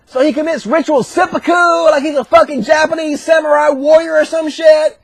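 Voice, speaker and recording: High-voiced man, crude comic storyteller. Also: fairly even intonation, creaky, no room sound. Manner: rapid, crude, slips into shouted character voices. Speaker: comedic narrator. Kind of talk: profane comedic retelling.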